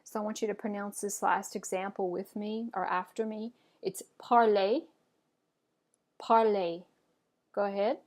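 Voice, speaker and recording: A woman teaching French pronunciation, modelling words clearly and encouraging learners to repeat after her. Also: mid-range voice, level tone, fairly quick, few pauses. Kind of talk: pronunciation lesson.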